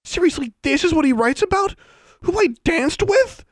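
A man voicing a furious teenage witch girl in an audiobook reading, with sharp, indignant outbursts. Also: deep voice, very animated, a little fast, creaky, husky, no room sound, clean studio sound, heavily acted.

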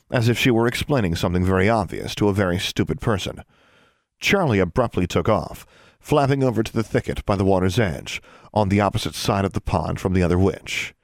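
A man narrating a fantasy novel in an expressive, dramatic storytelling manner, recorded close and dry. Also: deep voice, a little fast, dry recording. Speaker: audiobook narrator.

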